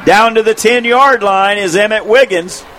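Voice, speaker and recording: A man calling play-by-play at a football game, quick and excited, shouting on big plays, his voice going hoarse. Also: sits high. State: losing his voice. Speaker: play-by-play announcer. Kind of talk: play-by-play sports commentary.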